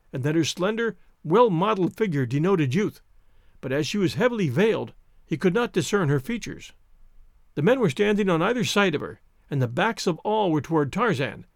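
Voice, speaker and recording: Expressive male audiobook narrator. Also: fairly high pitch, gravelly, no echo, clean studio sound. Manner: expressive, theatrical reading. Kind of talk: scripted narration.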